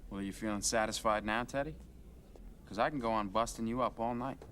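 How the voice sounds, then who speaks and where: An actor playing a calm, confident poker winner. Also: male voice, a little fast, a little hiss or hum, lightly acted. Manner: quiet, low and even. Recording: quiet film clip with loud music.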